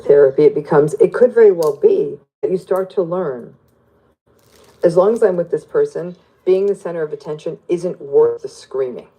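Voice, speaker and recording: Mellow-voiced woman psychologist explaining. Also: low voice, normal speed, slightly rough, low-quality recording. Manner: animated, plays out quoted voices. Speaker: psychologist guest. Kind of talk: interview explanation.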